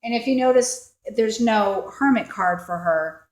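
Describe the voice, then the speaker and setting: Her voice is a little high and darkish, and she speaks at a measured pace while doing a casual tarot reading. She rambles with heavy fillers and acts out the thoughts of the people in the cards, and the recording has a roomy echo.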